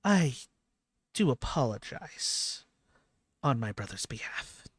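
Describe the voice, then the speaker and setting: A man voicing a calm, courteous female noble who speaks in a polite, formal way. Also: medium pitch, takes it slowly, slightly rough, dry recording, clean studio sound, full character voice.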